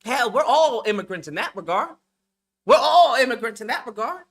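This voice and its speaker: Heated, animated man ranting. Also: very high voice, normal speed. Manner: profane, confrontational, heated. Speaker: YouTube commentator. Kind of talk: ranting vlog monologue.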